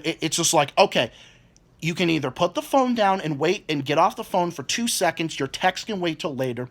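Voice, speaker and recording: A man's voice: fairly high pitch, expressive, fairly quick. A man in his twenties ranting angrily about people at his job, swearing constantly and stumbling over repeated words. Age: 20s. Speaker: vlogger. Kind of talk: angry rant.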